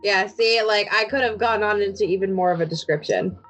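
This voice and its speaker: A woman playing a tabletop game, talking in an excitable, giggly way. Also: mid-range voice, a little fast, soft background music, low-quality recording. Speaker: player. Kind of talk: casual tabletop play.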